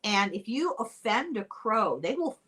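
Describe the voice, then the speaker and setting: An older woman from Ireland, hosting a casual podcast chat, animated and quick to laugh. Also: fairly high pitch, slightly rough. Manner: chatty and animated, laughs often. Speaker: podcast host.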